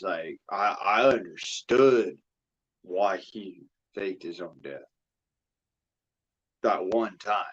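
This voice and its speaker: A man streaming a casual chat, talking emotionally in a rambling way, cursing often and repeating himself, with a drawl. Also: on the low side. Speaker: streamer hosting a chat panel. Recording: dull lo-fi mic.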